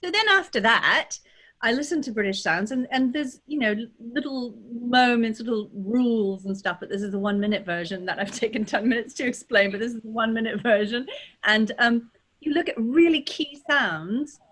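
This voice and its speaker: A woman's voice: a little high, normal speed, fairly bright tone. Woman, dialect coach, casual video call, demonstrative, step-by-step explaining. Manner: demonstrative, talks through sounds step by step. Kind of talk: casual teaching chat.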